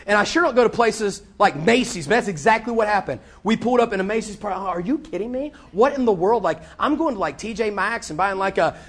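A man preaching, telling a story with animated, repetitive delivery and acted-out dialogue. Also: high voice, fast talker, few pauses, husky. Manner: animated, repeats words, acts out dialogue. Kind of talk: sermon storytelling.

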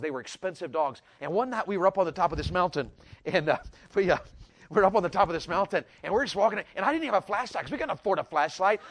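A man telling a folksy personal story, animated and repetitive, rising to loud peaks. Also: high voice. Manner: animated, repeats words, builds to loud peaks. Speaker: storyteller speaker.

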